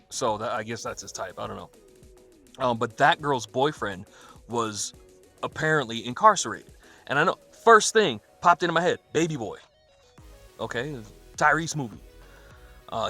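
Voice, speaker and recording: A man's voice: mid-range voice, bright, forceful tone. A man hosting a podcast, retelling a coworker's story in a casual, profane, laughing way with quoted back-and-forth. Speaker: podcast host.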